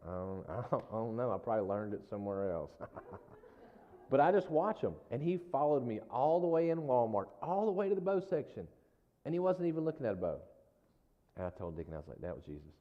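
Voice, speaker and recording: A man's voice: medium pitch, sing-song, brisk. A man preaching in a casual, folksy storytelling style, with frequent asides to the congregation. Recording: dull lo-fi sound with long hall reverb.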